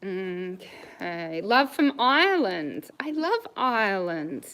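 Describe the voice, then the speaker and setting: A woman's voice: mid-range voice, very animated, slow, fairly bright tone, poor audio. An Australian woman, a riding coach, answering viewer questions on a live stream in a bubbly, upbeat way and laughing often.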